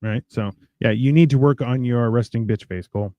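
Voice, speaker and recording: A man co-hosting a casual podcast, telling stories with acted-out voices and deadpan, crude humor. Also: mid-range voice, fairly quick, no echo, muffled recording. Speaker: podcast co-host. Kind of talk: casual chat.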